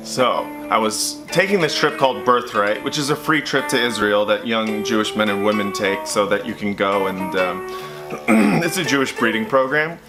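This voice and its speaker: A man tells a stand-up story with animated energy, breaking into impressions and high sound effects. Music plays clearly underneath the clip. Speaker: stand-up comedian.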